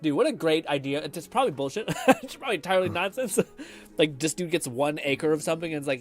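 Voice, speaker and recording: A man's voice: fairly high pitch, lively intonation, a little fast, faint music behind. A man streaming a video game, chatting casually, swearing often and laughing a lot. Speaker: gaming streamer. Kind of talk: casual live-stream commentary.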